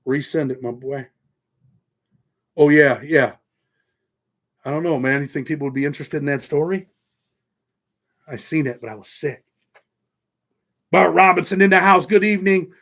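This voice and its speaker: A middle-aged man with a Southern-tinged American accent and a voice sitting a little high for a man. He hosts a casual livestream, rambling loosely between viewer questions and thanking people by name. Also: moderate pace, long pauses, a bit bright. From New York. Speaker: host.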